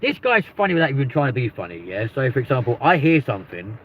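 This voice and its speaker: Talking fast with big pitch swings in a mid-range voice, a London-accented livestream host keeps up rambling, casual banter full of swearing. The recording sounds muffled and lo-fi with faint noise.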